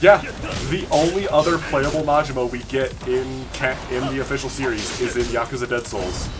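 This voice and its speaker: A man's voice: medium pitch, a little fast, music in the background. A man from Europe streaming a video game, chatting casually and joking with his co-host. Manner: chatty, joking, reads game dialogue aloud in put-on voices. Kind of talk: casual gaming chat.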